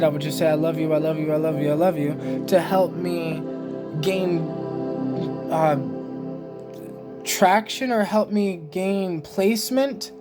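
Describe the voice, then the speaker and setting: A man vlogging a rambling first-person trip report, emotionally stirred and swearing freely with many fillers. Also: high voice.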